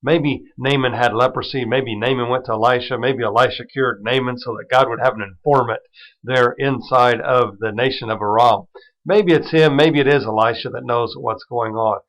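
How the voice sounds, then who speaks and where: A man hosting a devotional Bible study, retelling the passage in casual everyday terms. He speaks at a middle pitch in an easygoing, encouraging manner, as if praying for the listener. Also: steady tone, normal speed, fairly bright tone, poor audio. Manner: conversational, retells scripture in everyday words; encouraging, prays over listeners. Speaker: Bible teacher.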